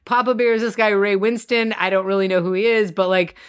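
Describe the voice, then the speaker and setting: A woman's voice: medium pitch, fairly even intonation, fairly quick, smooth. Woman, 30s, podcast co-host, casual chat, ranting and chatty. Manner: chatty, ranting, many restarts.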